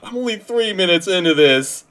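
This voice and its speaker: A man's voice: high voice, lively intonation, moderate pace, a bit bright. A man reacting to a video with casual, sarcastic, exasperated commentary. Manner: exasperated, sarcastic, mumbles trailing asides. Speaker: reaction channel host.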